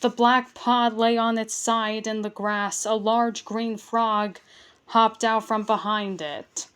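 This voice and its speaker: Slow, careful woman reading a storybook aloud. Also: a little high, steady tone, a bit bright, clean tone. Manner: careful reading with small stumbles and restarts. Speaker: storybook reader. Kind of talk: reading a children's book aloud.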